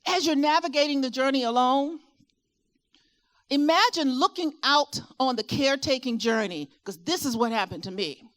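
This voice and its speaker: A woman's voice: high-pitched, moderate pace. A middle-aged woman from Virginia with a Southern accent gives a motivational talk at a caregiver expo, often putting questions to her audience. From Virginia, USA. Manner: animated, asks the audience questions, rising and falling delivery. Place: expo hall with a live audience.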